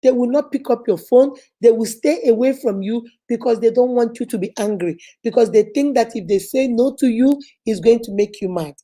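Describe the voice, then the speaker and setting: A woman's voice: a little high, normal speed, hardly any pauses, mellow. A woman giving a repetitive, emphatic motivational talk about self-help.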